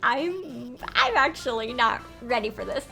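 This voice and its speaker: A timid, stammering female lizard scientist, as a woman puts her on, hesitant and apologetic in a slightly raised voice. Every phrase trips over itself nervously. Music plays clearly underneath. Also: on the high side, animated, measured pace, pushed and bright, heavily acted. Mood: flustered. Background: background music.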